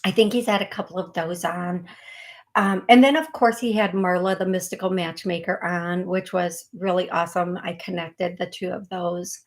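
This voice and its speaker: A woman's voice: fairly low pitch, steady tone, moderate pace. Chatty woman hosting a psychic show. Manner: chatty and rambling, many fillers and restarts. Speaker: psychic medium show host. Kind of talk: live call-in show chat.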